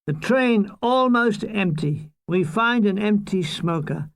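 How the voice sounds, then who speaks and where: A man narrating his own war memoir as an audiobook, with deadpan, irreverent comic delivery. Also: high voice, slow, few pauses, dry recording.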